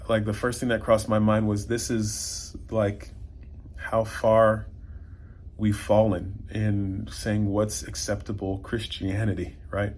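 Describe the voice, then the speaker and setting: A man's voice: lowish voice, a little mellow. A pastor talking casually to his prayer team in a video check-in, with many fillers and restarts.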